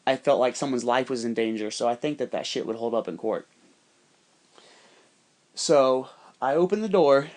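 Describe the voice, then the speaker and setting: A man telling a personal story in a casual, rambling monologue, swearing constantly and acting out the voices of other people. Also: mid-range voice. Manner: profane, rambling, animated quoting of others. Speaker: podcast storyteller.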